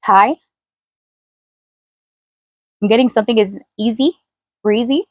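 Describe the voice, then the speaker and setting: A woman's voice: a little high, slow, no room sound. A woman tarot reader talking casually straight to her viewers, chatty and loose, full of fillers as she reads the cards. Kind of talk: casual tarot reading to camera.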